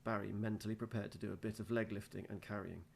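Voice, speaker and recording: A male teacher reading a children's storybook aloud in an unhurried way. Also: fairly low pitch, steady tone, vocal fry.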